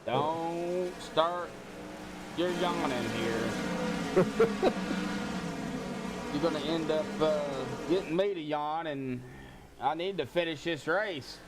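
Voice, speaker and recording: A man giving casual play-by-play commentary on an online truck race, chatty and relaxed as he runs through the positions. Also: fairly high pitch, slow pace, long pauses, heavy background noise. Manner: laid-back, chatty, calling positions. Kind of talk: casual sim-racing commentary. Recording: music playing loudly behind.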